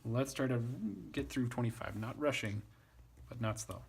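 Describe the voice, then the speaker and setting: A man's voice: medium pitch, fairly even intonation, moderate pace, slight background noise. A man teaching Latin translation in a casual, thinking-aloud way, wry and self-deprecating.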